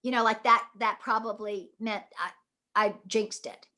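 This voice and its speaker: Woman, high voice, bright tone, animated storyteller, interview guest, middle-aged. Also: moderate pace. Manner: animated storyteller acting out her past self. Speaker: guest actress.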